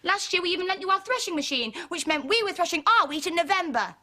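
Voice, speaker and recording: A woman playing a stubborn, indignant young woman landowner in a stage comedy, insistent and quick to take offense. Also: extremely high pitch, animated, sharp tone, full character voice. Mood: furious. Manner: indignant, insistent, repeats herself.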